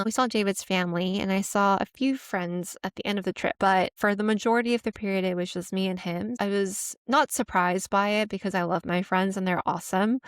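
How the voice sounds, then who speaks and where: A young woman from the United States speaks in a smooth, clear voice, soft-spoken and easygoing, with a light laugh now and then. She talks through her reflections at a relaxed conversational pace. The sound is close and dry, with no room echo. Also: mid-range voice. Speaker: vlogger. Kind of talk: casual reflective monologue. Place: apartment room.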